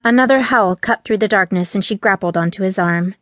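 A woman's voice: mid-range voice, brisk, fairly bright tone, dry recording. Woman narrating a novel, dry close sound. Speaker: audiobook narrator. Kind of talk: scripted narration.

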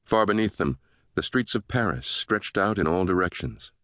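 A man narrating a thriller audiobook in a steady, measured way. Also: low-pitched, no room sound, clean studio sound.

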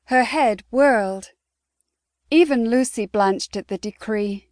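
A woman narrating a historical romance audiobook in a smooth, even storytelling manner. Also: on the high side, takes it slowly, dry recording, studio quality. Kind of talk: scripted narration.

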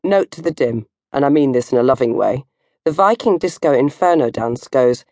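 An older woman reading her own comic novel in first person, animated and jumping to high squeals for effect. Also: normal speed, no room sound, clean studio sound.

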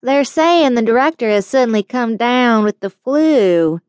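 A woman's voice: on the high side, lively intonation, a little slow, darkish tone, clean tone, no echo, clean studio sound, voice pushed up. A woman voicing a laid-back male booking agent with a Texas drawl and a wry, teasing manner, in an audiobook reading.

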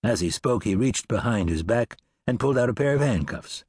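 A man narrating a western audiobook with expressive storytelling. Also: medium pitch, a little fast, husky, no echo. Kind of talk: scripted narration.

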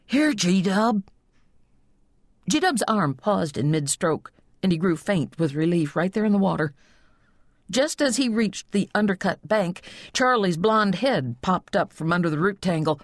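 A woman reading a novel aloud in a low voice with lively, expressive intonation. Her storytelling is measured and scripted. The studio recording is close and dry. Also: dry recording. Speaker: audiobook narrator. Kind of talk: scripted narration.

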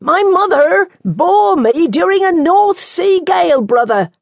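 A woman reading the part of a tough, dry-witted nun raised on a stormy coast, speaking briskly and teasingly. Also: sits high, sing-song, vocal fry, dry recording, voice pushed up, heavily acted. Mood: brisk wry.

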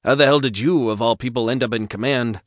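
A man's voice: medium pitch, fast talker, no echo, clean studio sound, lightly acted. A man voicing a scruffy, blunt male officer in an audiobook. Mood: incredulous.

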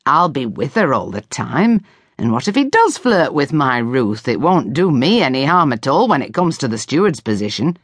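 A woman voicing a stern, ambitious middle-aged butler in an audiobook, firm and measured. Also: a bass voice, very animated, no echo, studio quality, exaggerated voice.

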